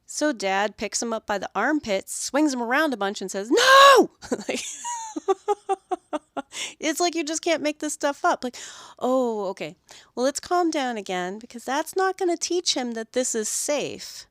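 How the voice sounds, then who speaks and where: A woman hosting a podcast about dog grooming, telling animated stories about her week and acting out the owners and dogs. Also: fairly high pitch, moderate pace, dry recording, studio quality. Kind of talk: solo podcast monologue.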